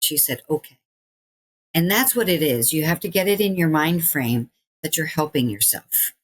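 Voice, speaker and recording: A woman in her sixties, a guest on an interview podcast, who tells stories in an animated way, laughing often and acting out what people said. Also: low-pitched, moderate pace, breathy edge. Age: 60s. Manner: animated, acts out quoted voices, laughs often. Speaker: guest, stretching teacher. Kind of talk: casual interview storytelling.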